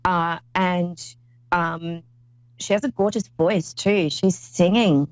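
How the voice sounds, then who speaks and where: A woman's voice: fairly low pitch, fairly even intonation, slow pace, no echo, highs cut off. A woman hosting a call-in psychic reading show, talking in an effusive, rambling way with many restarts. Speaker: psychic medium host.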